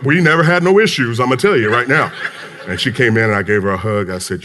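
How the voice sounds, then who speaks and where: A man delivers a motivational talk on leadership to a conference crowd. He tells his stories with animated emphasis and plays out each side of the conversations himself, letting his voice climb high and drop low. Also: brisk, noisy background. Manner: animated storyteller, acts out dialogue, emphatic. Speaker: business speaker. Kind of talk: motivational talk to a live audience. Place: conference hall.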